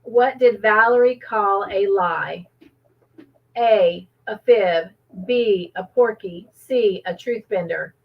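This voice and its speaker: Woman, livestream trivia host, cheerful, reads viewer comments, slow pace, slightly muffled audio. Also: mid-range voice.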